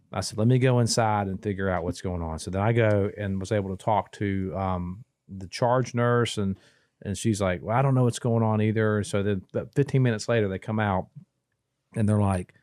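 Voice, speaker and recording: A man, his voice sitting a little low, tells a winding story with many restarts and quoted exchanges. It is casual podcast talk, recorded close and dry with no room sound. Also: steady tone, normal speed, darkish tone, no room sound. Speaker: guest telling a family story.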